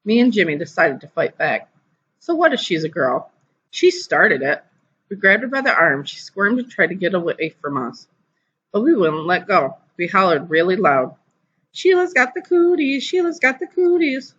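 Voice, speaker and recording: Teacher reading aloud to kids, animated storytelling, bright and slightly husky, dull lo-fi video call sound. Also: mid-range voice, normal speed. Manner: lively storytelling, putting on voices for children. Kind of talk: reading a children's novel aloud to a class. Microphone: computer mic on a video call.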